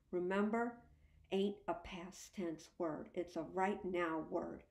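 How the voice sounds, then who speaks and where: A woman reads a first-person story aloud with earnest, heartfelt feeling. Her voice sits a little low and sounds warm and mellow. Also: steady tone, takes it slowly, reverberant. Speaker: audiobook narrator. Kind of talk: first-person audiobook narration.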